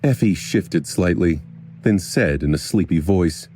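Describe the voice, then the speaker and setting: A man reading a fantasy novel aloud as a narrator, in a measured, even storytelling delivery. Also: low voice, slight background noise. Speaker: audiobook narrator. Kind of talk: scripted narration.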